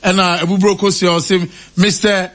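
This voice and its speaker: Male radio host, high voice, casual chat, reads out listener comments and laughs a lot. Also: flat delivery, a little fast, a bit bright. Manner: reads out names and quotes, laughing often.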